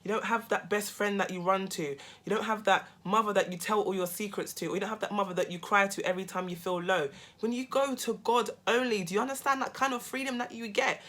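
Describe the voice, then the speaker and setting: Woman vlogging straight to camera, crisp bright voice, keeps going "okay? right?", gets loud and laughy. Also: mid-range voice, fairly even intonation, fast, few pauses. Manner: emphatic, repeats "okay?" and "right?"; bursts into loud laughing asides. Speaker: self-help vlogger. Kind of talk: casual monologue to camera.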